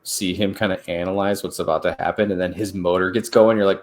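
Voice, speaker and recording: A man co-hosting a hockey podcast in casual chat, animated, laughing often and acting out quotes loudly. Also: deep voice, fast. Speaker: podcast co-host.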